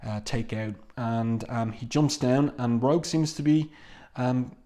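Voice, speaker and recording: A man reviewing a comic book page by page in a casual, measured way, often pausing to find his words. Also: medium pitch, mellow.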